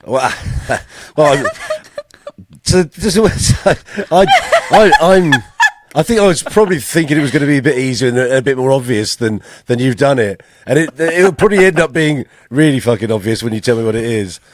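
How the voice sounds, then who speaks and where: A self-deprecating male podcast co-host whose voice moves up and down with plenty of life. There is clear noise behind him on the recording. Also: medium pitch, animated, normal speed. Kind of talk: casual podcast chat.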